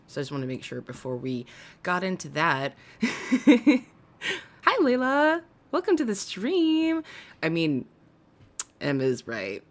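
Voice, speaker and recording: A woman's voice: fairly low pitch, very animated, slow pace, pauses often. A woman hosting a casual commentary livestream, chatty and gossipy, swearing freely and greeting viewers by name. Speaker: livestream host.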